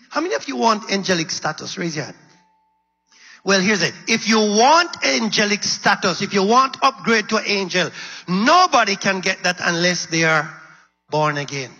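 High, bright husky-voiced male preacher. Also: muffled recording. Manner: call-and-response preaching, repeating lines for emphasis. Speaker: pastor. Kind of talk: sermon. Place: church. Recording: live sermon in a reverberant hall with faint music.

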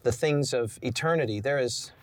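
A man hosts a faith discussion panel at an ordinary pitch. He talks in an emphatic, reflective way and builds his points step by step. The sound is close and dry. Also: normal speed, no echo. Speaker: host.

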